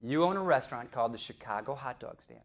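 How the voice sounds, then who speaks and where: A middle-aged man from St. Louis, a professional speaker telling a story on stage, animated and playful, quizzing the audience. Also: mid-range voice, quick pace. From St. Louis, USA. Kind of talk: storytelling keynote speech.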